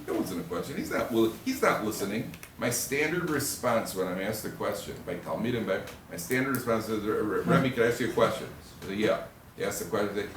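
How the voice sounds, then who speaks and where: A man giving an animated Torah class as a rabbi, joking and acting out quoted husbands and wives. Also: lowish voice, distant mic, a little hiss or hum. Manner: animated storytelling, acts out quoted husbands and wives, jokey asides. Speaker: rabbi lecturer. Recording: echoey room recorded from afar, faint ambience.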